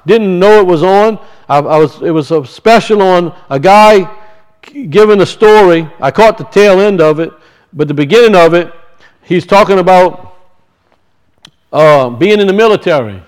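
A man's voice: high-pitched, animated, smooth. A male preacher reading scripture and explaining it, often restarting his sentences. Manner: reads scripture slowly, then explains it with frequent restarts.

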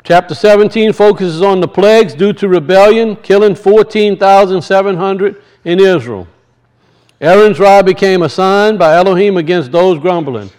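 A man's voice: sits high, clean tone. A man teaching the weekly Torah portion as a sermon, earnest and repeating key phrases for his listeners. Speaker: Bible teacher.

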